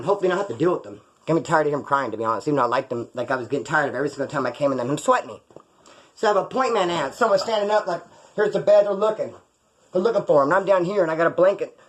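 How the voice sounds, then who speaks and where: A man's voice: high voice, a bit bright, low-quality recording. A man telling stories casually on his own video channel, rambling and full of prison slang. He grew up in California. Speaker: vlogger. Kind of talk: casual storytelling vlog.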